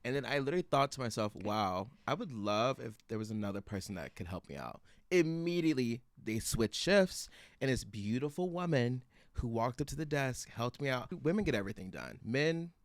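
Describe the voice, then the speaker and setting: A young man tells his story with sassy, playful flair. His voice sits at an ordinary pitch for a man. The sound is close and dry, recorded in a hotel room. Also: animated, a little fast, no room sound. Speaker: guest, best friend. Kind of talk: casual chat.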